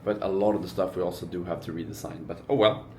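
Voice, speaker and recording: A man's voice: low-pitched, fairly even intonation, fast talker, slight background noise. A man in his twenties vlogging casually, rambling with fillers and restarts. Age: 20s. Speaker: entrepreneur vlogger. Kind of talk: casual vlog narration.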